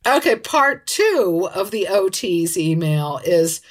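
A woman co-hosting a casual chat, playful and quick to laugh, reading listener emails. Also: on the low side, sing-song. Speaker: podcast co-host.

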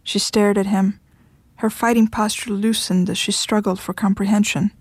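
Woman narrator, short story reading, steady delivery, dry close recording. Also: medium pitch, moderate pace, slightly rough, dry recording.

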